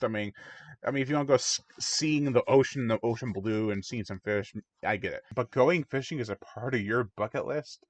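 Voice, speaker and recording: Speaking briskly at a medium pitch, a channel host reviews a film in a casual, meandering way, frequently imitating its characters. The audio is dull, lo-fi, and dry, with no room sound.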